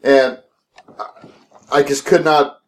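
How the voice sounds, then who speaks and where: A man chatting casually, telling a crude story in a lively way with laughter. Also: medium pitch, slow. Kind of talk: casual chat.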